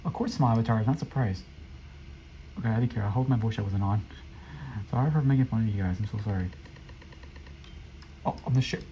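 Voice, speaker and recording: A young man giving excitable commentary over his own gameplay as a channel host, often jumping into squeaky teasing voices. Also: brisk, long pauses, muffled recording, slight background noise.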